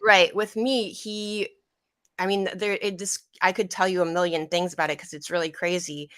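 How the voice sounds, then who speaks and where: A woman's voice: on the low side, steady tone, normal speed, a bit bright, dry recording, clean studio sound. A young adult woman telling an emotional personal story on a livestream, rambling and repeating herself, her voice catching at times. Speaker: guest.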